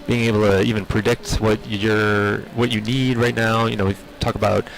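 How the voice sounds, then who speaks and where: A man speaking for an industry group, explaining technology trends in a measured way with many filler words. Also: lowish voice, flat delivery, gravelly, poor audio. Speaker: industry spokesperson. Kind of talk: on-site interview.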